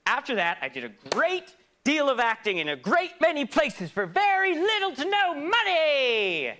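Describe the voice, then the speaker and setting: A man performing a theatrical comic monologue, swinging between loud outbursts and hushed asides in a mock-grand, philosophical manner. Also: very high-pitched, wildly swooping pitch, moderate pace. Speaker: stage performer.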